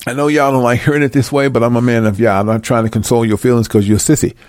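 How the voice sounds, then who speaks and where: A man's voice: mid-range voice, steady tone, racing, darkish tone, no echo, clean studio sound. A man reading Bible verses aloud and preaching over them in a blunt, confrontational and mocking way. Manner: reads verses aloud then explains them. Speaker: self-styled Bible teacher. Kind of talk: scripture reading with fiery commentary.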